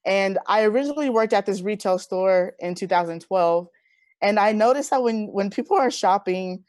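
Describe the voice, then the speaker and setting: A woman in her thirties speaks as an interview guest, earnest and heartfelt as she recounts her life. Her voice sits at an average pitch. The sound is dry and close, with no room around it. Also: moderate pace, no room sound. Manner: earnest, heartfelt, animated retelling. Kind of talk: personal storytelling in conversation.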